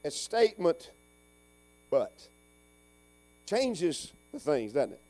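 A middle-aged man preaching a folksy call-and-response sermon, swinging between loud urging and hushed asides. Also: fairly high pitch, very animated, slow pace. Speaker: pastor.

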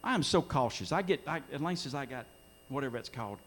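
A man's voice: medium pitch, animated, fast talker, a bit bright, a little hiss or hum. A middle-aged man preaching a sermon in a church, earnest, his voice swelling when he quotes scripture. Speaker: pastor. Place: church sanctuary during a live-streamed service.

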